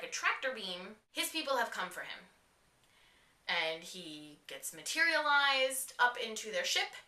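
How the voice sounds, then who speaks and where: A woman giving a casual, excitable TV episode review, full of slang and swearing, acting out the characters' lines. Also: medium pitch. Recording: roomy echo, mic a bit distant.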